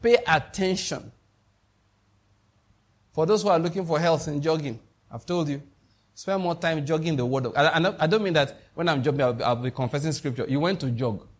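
A middle-aged pastor with a Nigerian accent preaches emphatically in a fairly high, slightly quick voice. He repeats key phrases and asks the congregation questions to make sure they're following.

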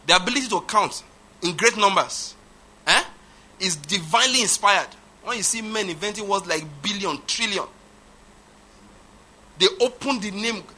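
A man preaching a sermon, emphatic, swinging from loud declarations to quiet asides. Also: high-pitched. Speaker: pastor.

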